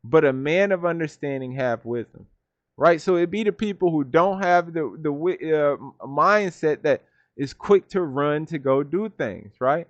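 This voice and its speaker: A man's voice: on the high side, expressive, a little slow, dry recording, muffled recording. A man teaching scripture from home. He reads verses, looks up word meanings and keeps checking in with "right?". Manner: reads verses then defines words, repeats "right?". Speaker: Bible teacher. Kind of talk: scripture study talk.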